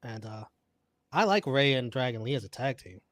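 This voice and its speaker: A man co-hosting a casual review show, talking in a lively way and laughing easily. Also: medium pitch, normal speed, no room sound. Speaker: podcast co-host. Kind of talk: casual wrestling review chat.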